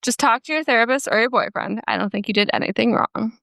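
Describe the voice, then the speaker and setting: Bright, high-voiced chatty woman. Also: fast talker, vocal fry, no echo, clean studio sound. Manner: chatty, quotes people in playful put-on voices. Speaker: podcast co-host. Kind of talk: casual chat, reading posts aloud.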